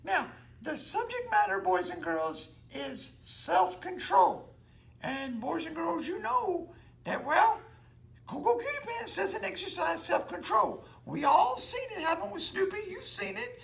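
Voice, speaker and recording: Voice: very high-pitched, big pitch swings, unhurried, creaky, a bit bright, full character voice. A performer voicing the goofy cartoon slacker Shaggy as host of a children's church puppet show, rambling and easily flustered. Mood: friendly. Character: goofy laid-back young man cartoon character, Shaggy.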